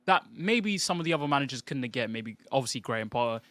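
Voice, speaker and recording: A man's voice: mid-range voice, lively intonation, quick pace, a bit bright, dry recording. Man, podcast guest, easygoing, agreeable, hesitant restarts, dry close sound. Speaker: podcast guest, content creator. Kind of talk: casual football podcast talk.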